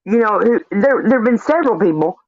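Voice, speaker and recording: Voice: medium pitch, animated, fast, slight background noise. A livestream guest in casual chat, telling stories bluntly and swearing freely. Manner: blunt, profane storytelling. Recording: dull lo-fi stream audio.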